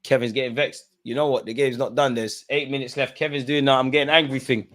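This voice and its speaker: Excitable football fan man. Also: mid-range voice, quick pace. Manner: London slang, bursts into shouting at chances and goals. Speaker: football watch-along host. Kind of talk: live match watch-along commentary.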